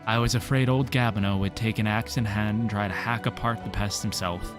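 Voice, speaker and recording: A man's voice: lowish voice, steady tone, brisk, music in the background, lightly acted. A man reading a relieved villager's lines from a game, putting on an accent for fun. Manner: put-on accent, old-fashioned phrasing.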